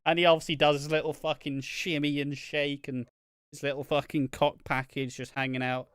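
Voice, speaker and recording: Bright, crisp-voiced man recapping. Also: a little high, moderate pace, dry recording, clean studio sound. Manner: sweary, animated storytelling. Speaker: podcast co-host. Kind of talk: casual chat.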